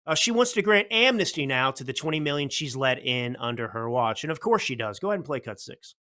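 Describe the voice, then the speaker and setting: A man's voice: medium pitch, animated, a little fast, sharp tone. Blunt, combative male talk host. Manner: blunt, combative, rhetorical questions. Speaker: show host. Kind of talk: political commentary talk.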